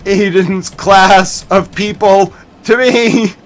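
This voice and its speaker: Homem agudo em desabafo indignado teatral. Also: male voice, sits high, steady tone, takes it slowly. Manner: theatrical mock outrage, swinging between loud and muttered. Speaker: livestream commentator. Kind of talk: mock-outraged livestream rant.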